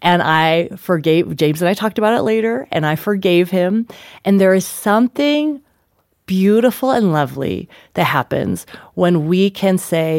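A woman in her thirties, a guest author telling lively anecdotes in an interview, often laughing and acting out voices. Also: fairly low pitch, measured pace, dry recording, clean studio sound. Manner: animated, laughing, acts out quoted voices. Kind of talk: conversational interview storytelling.

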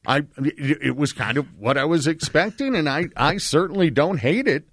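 Male co-host, slightly higher voice, halting agreeable chat, dry studio mic. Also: lively intonation, a bit bright, dry recording. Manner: hesitant, many fillers, agreeable. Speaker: morning radio co-host. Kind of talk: casual radio banter. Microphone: studio microphone.

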